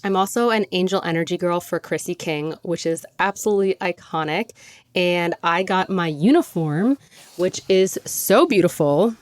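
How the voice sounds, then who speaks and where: The podcast host, a young woman, keeps things casual and chatty, leaning heavily on "like" and laughing as she talks. Her pitch is fairly low and her speed normal, with a little hiss or hum on the recording.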